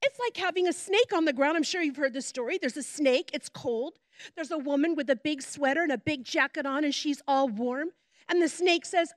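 A middle-aged woman, a pastor's wife, preaching a sermon with animated storytelling and chatty asides. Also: sits high, moderate pace, dry recording, clean studio sound.

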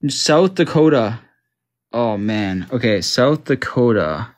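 A man's voice: mid-range voice, lively intonation, takes it slowly. A man from Canada, casually talking to himself while playing a map quiz game, confused and joking. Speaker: gamer. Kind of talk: casual gaming commentary.

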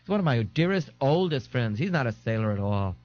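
A man voicing a flamboyant, giddy young man in an audiobook, gushing and sing-song with breathy gasps. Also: mid-range voice, sing-song, brisk, darkish tone, close to an everyday voice. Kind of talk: audiobook character voice. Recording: dull, dry 1989 tape recording.

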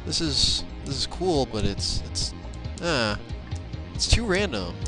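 Excitable young man swearing at a game. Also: mid-range voice, takes it slowly, over music. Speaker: let's play gamer. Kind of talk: casual gameplay commentary. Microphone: laptop microphone.

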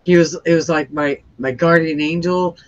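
A woman's voice: sits low, fairly even intonation, normal speed, dull audio. A woman guest giving an earnest, rambling account in conversation, restarting her sentences and using plenty of fillers. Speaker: interview guest sharing a near-death experience.

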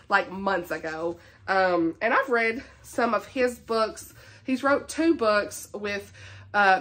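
Woman in her 30s, a chatty book vlogger who is quick to laugh. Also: mid-range voice, a bit bright. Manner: chatty and enthusiastic, laughs often. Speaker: booktuber. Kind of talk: casual book chat to camera.

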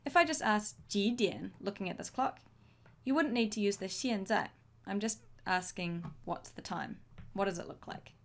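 A woman teaching a language lesson, modelling each phrase slowly and clearly for learners to repeat. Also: mid-range voice. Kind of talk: slow, deliberate language lesson.

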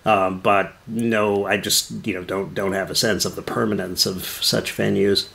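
A man co-hosting a podcast in a casual chat, thoughtful and wry, often pausing mid-thought. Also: fairly low pitch, level tone, vocal fry, sharp tone. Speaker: podcast co-host.

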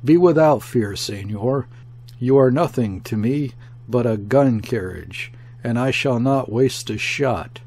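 A man's voice: medium pitch, slow, a little mellow. A man voicing an old gunner whose voice is cracked and shaky with emotion. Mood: coaxing, anxious.

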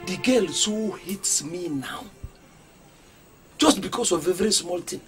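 A man's voice: sits high, lively intonation, a little slow, music in the background. A middle-aged man with a Nigerian accent playing a stingy, evasive father who wheedles and dodges. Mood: defensive.

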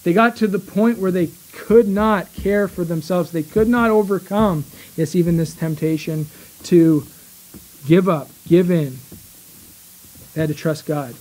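A man preaching a sermon in a small church, earnest and emphatic, slowing down and pausing to stress his points. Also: sits high, a little mellow, rough recording. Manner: earnest, slow emphatic delivery with pauses.

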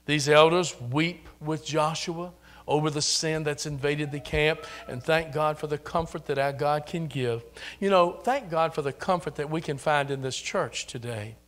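An older pastor preaches from the pulpit, his voice bright and edged. He sits a little high for a man and often climbs into ringing, repeated appeals to his church. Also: normal speed. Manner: preaching with rising, repeated exhortations. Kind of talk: sermon. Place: church sanctuary.

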